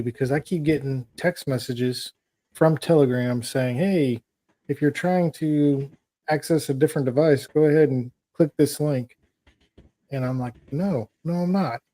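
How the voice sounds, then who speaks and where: Man, mellow dark voice, casual podcast chat, a little uneasy. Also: mid-range voice. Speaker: podcast co-host.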